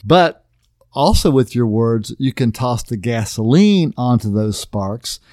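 Folksy pastor, dry close sound. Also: male voice, medium pitch, lively intonation, slow, dark tone, no echo. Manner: folksy, repeatedly asks "okay?". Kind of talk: conversational marriage sermon.

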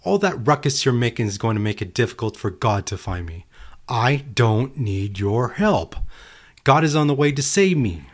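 A man's voice: a little high, big pitch swings, normal speed, pitched above the performer's own voice. A man voicing a stubborn man who insists on waiting in a flood and brushes off every offer of help. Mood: indignant. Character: stubborn adult man refusing rescue in a flood.

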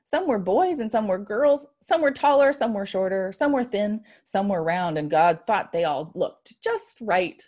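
A woman reading a story aloud in a measured storytelling manner. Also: mid-range voice, animated, mellow.

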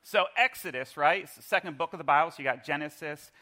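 A middle-aged man preaching a sermon in church, telling a lively personal story and leading the congregation in call-and-response. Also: a little high, fast. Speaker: pastor. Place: church service.

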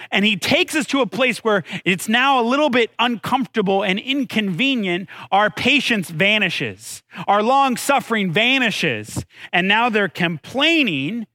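A man's voice: high voice, very animated, unhurried, bright, forceful tone, no room sound. A man preaching a sermon in a conversational way, asking his listeners questions and telling the story with dramatic drops in his voice. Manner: conversational, asks the congregation questions. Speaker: pastor.

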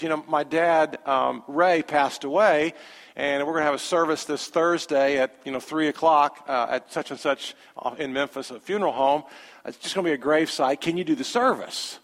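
A man, a pastor telling a story in a sermon with animated, conversational quoted dialogue. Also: a little high. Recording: long hall reverb.

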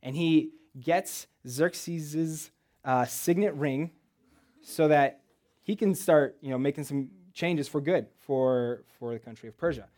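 His voice on the high side yet dark in tone, a man preaches in a church by retelling a Bible story jokingly and casually, sprinkling in rhetorical questions and quick asides.

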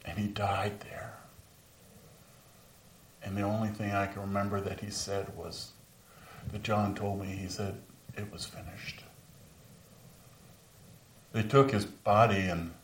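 A man's voice: sits low, a little hiss or hum. A man performing a first-person dramatic monologue as the apostle Peter, remorseful over his denial, speaking earnestly in a large room and dropping to whispers at moments of grief. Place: large room with a live audience. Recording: roomy sound from a distant mic.

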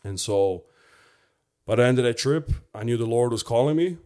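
A young adult man giving a personal faith testimony in an earnest, reflective way, pausing often with fillers. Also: mid-range voice, expressive, a little mellow. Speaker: former football player giving his testimony.

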